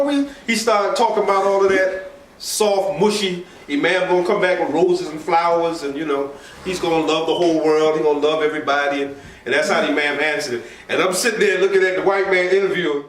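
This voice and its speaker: This man's voice sits high and moves a little fast as he teaches an informal sermon class, animated and chatty, laughing and drifting into asides. He's recorded from a distance in an echoey room, with slight background noise.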